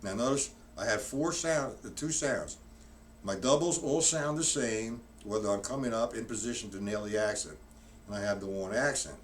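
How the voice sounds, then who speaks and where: A man's voice: on the low side, normal speed. Distant, rambling drum teacher man. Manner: rambling, self-correcting, counts out loud while demonstrating. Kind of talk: live-streamed drum lesson. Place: practice room with a drum kit. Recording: distant mic, noisy room.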